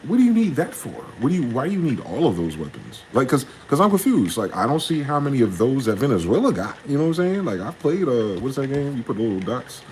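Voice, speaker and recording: A young man, ranting in a casual, profane solo monologue, jumping from heated questions to low muttering. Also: very animated, quick pace, hardly any pauses, a little mellow, a little hiss or hum, low-quality recording. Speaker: podcast host.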